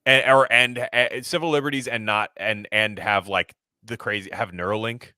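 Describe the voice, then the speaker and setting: A podcast co-host talks in a loose, rambling way, trailing off and restarting as he swears through his points. His voice sits a little low but comes across bright and forceful. The sound is dry and close. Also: steady tone, clear, resonant tone, dry recording. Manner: rambling, halting, profane. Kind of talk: casual chat.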